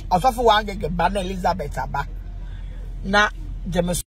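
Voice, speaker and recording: A woman's voice: lowish voice, normal speed, slight background noise, rough recording. A Ghanaian woman pastor talking casually on a phone live stream, exclaiming, reading viewer comments aloud and breaking into bits of song.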